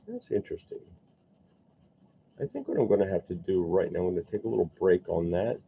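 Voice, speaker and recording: A man with a deep, gravelly voice talks casually through a live sculpting stream, drifting into quiet asides to himself. The sound is dull and lo-fi, with a faint hiss underneath. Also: quick pace. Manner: muttering asides to himself as he works. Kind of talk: casual live-stream chat while working. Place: indoor workspace under air conditioning vents.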